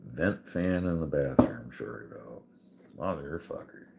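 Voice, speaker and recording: A man's voice: extremely low pitch, lively intonation, a little slow, vocal fry, heavy background noise. A man telling a profane, exasperated story on a casual podcast, laughing often as he goes. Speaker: podcast host.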